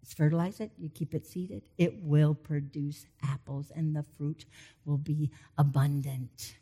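A woman preaching a sermon, emotional, swinging from loud exhortation to soft, intimate passages. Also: low-pitched, fairly even intonation, measured pace, breathy edge.

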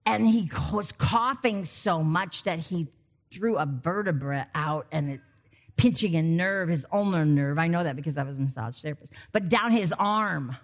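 The speaker is a middle-aged woman preaching in a conversational way, breaking off for animated asides and personal stories before resuming the text. She talks at a moderate pace, with a voice on the low side.

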